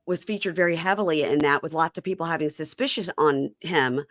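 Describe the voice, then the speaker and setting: A middle-aged woman from Mississippi hosting a podcast, chatting casually with quick asides and frequent laughter. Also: low-pitched, fairly bright tone, no echo, clean studio sound. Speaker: podcast host. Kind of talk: casual chat.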